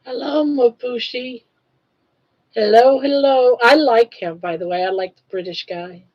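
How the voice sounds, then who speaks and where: A woman's voice: a little high, unhurried. Older woman chatting on a livestream. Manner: reads viewer comments aloud and greets chatters by name. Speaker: livestream host. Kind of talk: casual livestream chat. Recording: dull lo-fi livestream audio.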